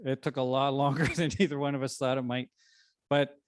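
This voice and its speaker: Man giving a relaxed talk to an audience. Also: mid-range voice, no room sound, studio quality. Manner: conversational, often pauses and restarts. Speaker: co-author speaking at a book launch. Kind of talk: informal presentation to an audience. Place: library event room.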